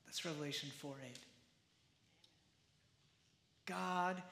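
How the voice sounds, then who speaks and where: A man pastor preaching a sermon in a conversational, animated way, often acting out the quotes. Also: fairly high pitch, slow pace, vocal fry, echoey room, a little hiss or hum.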